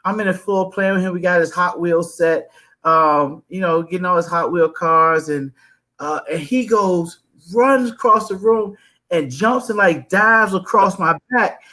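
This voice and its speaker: A man's voice: high voice, a little slow, bright, forceful tone. A man hosting an interview about fatherhood, laid-back, who chuckles often and tells stories about his son. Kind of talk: conversational interview.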